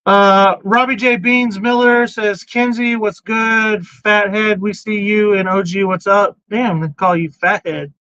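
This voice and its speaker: A man with a high, sharp, bright voice hosts a loose podcast chat, blunt and quick to swear as he hops from one topic to the next. The recording is dull and lo-fi, with a dry sound and no room echo. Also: fairly even intonation. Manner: blunt, swears freely, jumps between topics. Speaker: podcast host. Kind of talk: casual chat, reading out chat comments.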